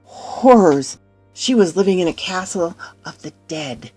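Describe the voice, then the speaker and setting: A woman narrating a dark fairy tale with expressive delivery that often drops into hushed whispers. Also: fairly low pitch, measured pace. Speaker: storyteller. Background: faint music.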